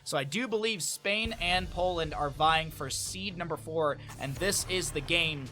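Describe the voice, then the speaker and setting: A man's voice: on the high side, measured pace, sharp tone. A young man from the American Midwest casting a live esports match, tired and chatty, turning aside to talk to his stream chat between plays. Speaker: esports caster. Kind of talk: live game commentary.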